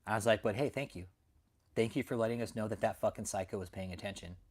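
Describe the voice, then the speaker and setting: A man's voice: on the low side, quick pace. A young adult man hosting a channel, telling a story to his viewers in a brash, profane, casual rant. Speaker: channel host.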